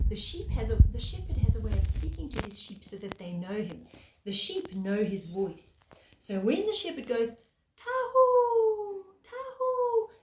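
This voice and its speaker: A woman, a preschool teacher, telling a picture-book story to young children in a gentle, sing-song way, pausing to point at the pictures. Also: on the high side. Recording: echoey room, faint background noise.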